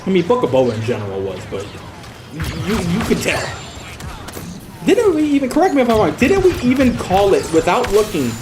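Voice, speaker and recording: A man's voice: high voice, wildly swooping pitch, a little fast, music in the background. A man ranting profanely and heatedly during a casual livestream, often slipping into mocking voices. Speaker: live streamer.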